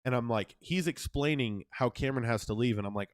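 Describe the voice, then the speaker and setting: A young man co-hosting a casual podcast, telling a story in a profane, animated way. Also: medium pitch, brisk, hardly any pauses, dry recording, studio quality. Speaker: podcast co-host.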